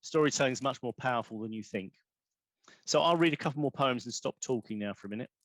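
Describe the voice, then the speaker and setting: A man's voice: mid-range voice, quick pace, a bit bright, dry recording. A man, poet in residence, giving a rambling, self-correcting online talk on poetry forms over a video call.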